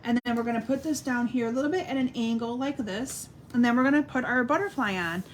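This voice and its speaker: A woman's voice: on the high side, fast talker, slight background noise. A middle-aged woman demonstrating card making on a live stream, chatting and answering viewer comments as she works. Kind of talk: live-stream craft demo.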